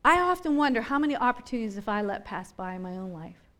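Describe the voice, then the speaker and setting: A woman delivers a sermon in a high, bright voice. She is impassioned and repetitive, building in intensity and then easing back. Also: very animated, fast talker. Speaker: preacher.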